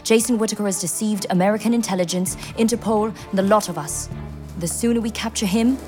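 A woman's voice: medium pitch, quick pace, over music, lightly acted. An actress playing a stern, suspicious female intelligence agent in a radio drama, speaking bluntly.

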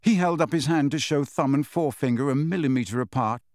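A man narrating a story in a measured, even reading voice. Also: mid-range voice, dry recording, clean studio sound. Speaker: audiobook narrator.

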